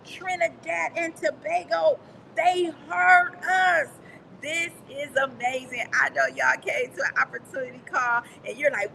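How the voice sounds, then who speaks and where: Woman coach, high and bright, excited, on a call from a busy lobby with faint noise. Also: normal speed, creaky, low-quality recording. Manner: fired-up, emotional, calls out to the audience. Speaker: guest speaker coach. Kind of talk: excited motivational call talk. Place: hotel lobby at a busy event. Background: crowd and announcements at an event.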